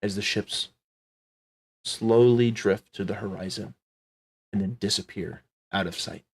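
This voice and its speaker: A man narrating a tabletop game as game master, slow and dramatic, dropping to hushed tones. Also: lowish voice, fairly even intonation, slightly rough.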